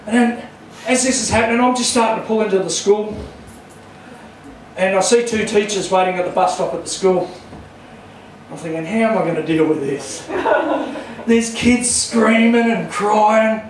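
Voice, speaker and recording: An Australian man with a notably high voice doing stand-up comedy in a small, very echoey club. His crude story builds in rowdy bursts, and he is recorded from well back off the mic. A faint murmur of the room sits underneath. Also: unhurried, long pauses, recorded from a distance, slight background noise.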